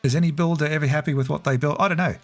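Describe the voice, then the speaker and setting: A man hosts a relaxed game livestream, chatting and laughing with his viewers. His voice sits a touch higher than most men's. Soft guitar music plays faintly behind him. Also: racing. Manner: chatty, laughs often, talks to viewers by name. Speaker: game streamer. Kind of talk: casual livestream chat.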